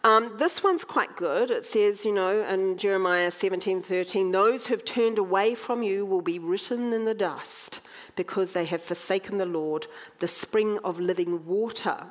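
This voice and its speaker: A woman's voice: mid-range voice, normal speed. Wry, storytelling New woman preacher. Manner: conversational, animated storytelling with wry humour. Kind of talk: sermon.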